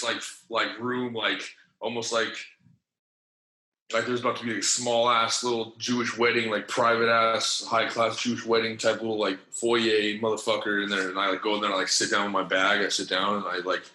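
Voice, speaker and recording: A man's voice: on the low side, pushed and bright. A man telling a long story as a podcast guest in loose, profane slang. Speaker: podcast guest, former wrestler. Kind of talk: casual storytelling. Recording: echoey room.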